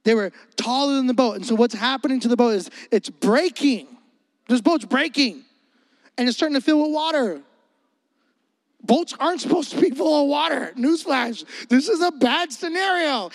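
A man preaching a sermon in a lively, comedic way, acting out the scenes in his stories as he goes. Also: extremely high pitch, moderate pace, no echo. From Florida.

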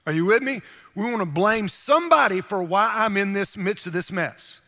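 A man preaching with an emphatic delivery, throwing rhetorical questions at his listeners. His voice sits high and sounds bright, and a long reverb trails behind it. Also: expressive, moderate pace. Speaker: pastor. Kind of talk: sermon.

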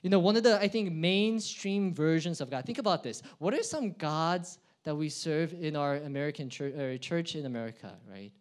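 Young pastor preaching, pretty high voice, gets loud and punchy then drops real quiet. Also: male voice, animated, moderate pace, few pauses. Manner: swings between loud emphatic build-ups and quiet low asides. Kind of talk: sermon.

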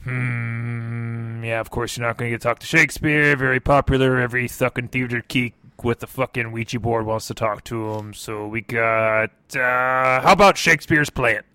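A man's voice: medium pitch, fairly even intonation, pushed and bright, clean tone, no echo. Man, comedy podcast co-host, offhand, swears casually, dry close mic. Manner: profane, offhand, halting.

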